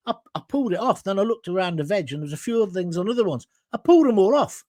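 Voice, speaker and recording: A man's voice: high voice, expressive, very fast, hardly any pauses, darkish tone, dry recording. A middle-aged man hosting a talk show, giving blunt, combative opinions and reading out viewer comments.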